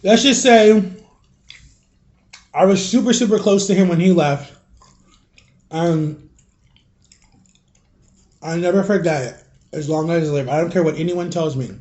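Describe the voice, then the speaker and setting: A young man talking straight to his viewers in a loose, rambling vlog, confiding and full of fillers. His voice is a touch higher than most men's, but soft and dark in tone. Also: measured pace, pauses often. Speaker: vlogger. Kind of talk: casual storytelling vlog.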